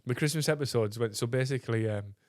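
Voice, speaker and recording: A man with a North East English accent, chatting as a comedy podcast co-host. He tells stories in a rambling, stop-start way, laughing as he goes, and swears freely. His voice sits at an ordinary middle pitch. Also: fast talker, a loud crowd. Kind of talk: casual chat.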